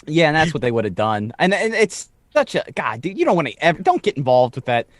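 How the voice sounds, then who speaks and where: A man's voice: on the high side, wildly swooping pitch, a little fast, no room sound. A man co-hosting a podcast, giving wry, exasperated commentary with stammered restarts. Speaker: podcast co-host. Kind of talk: casual chat.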